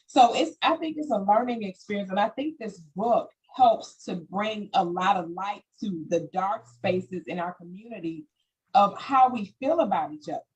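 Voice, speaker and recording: A woman hosting a panel talk, telling stories in an animated way and acting out quoted voices. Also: mid-range voice, normal speed, husky, low-quality recording. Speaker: host. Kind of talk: panel discussion.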